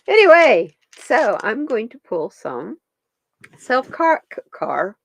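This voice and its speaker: Woman stream host, casual and chatty, lively pitch, higher voice. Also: slow, creaky. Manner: chatty, talks to her pets and viewers. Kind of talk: casual chat reading stones and cards.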